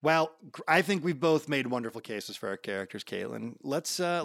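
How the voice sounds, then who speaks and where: Gravelly-voiced man podcast co-host. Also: medium pitch, expressive, normal speed, fairly bright tone, no room sound, studio quality, soft background music. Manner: joking, musing aloud. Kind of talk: casual chat.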